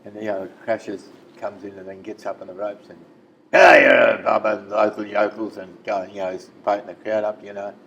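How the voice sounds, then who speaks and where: A man's voice: lowish voice, little pitch movement, brisk, few pauses, a little mellow, highs cut off, a little hiss or hum. Older Australian man spinning football yarns. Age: 70s. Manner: rambling yarn-teller who acts out quoted voices. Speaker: interview guest, former footballer. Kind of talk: casual storytelling interview.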